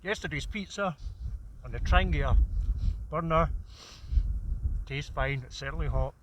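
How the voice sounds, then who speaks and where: A man's voice: on the high side, unhurried, background noise. A Scottish man chatting casually to camera as an outdoor vlogger, savoring a brew outdoors on a cold, windswept hilltop. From Scotland. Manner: relaxed, chatty, savoring each moment. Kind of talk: casual outdoor vlog narration.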